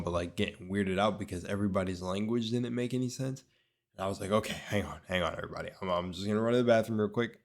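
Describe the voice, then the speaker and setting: A young man with a low, deep voice tells a story in a loose, casual way. He rambles, circles back and corrects himself, and fills his sentences with "like" and "um.". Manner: rambling, lots of filler words, self-correcting. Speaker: vlogger.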